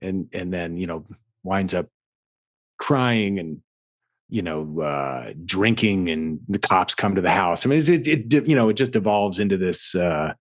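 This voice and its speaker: A man's voice: low voice, animated, a little slow, no room sound, clean studio sound. A man guesting on a podcast, talking in a hesitant, wandering way in casual chat.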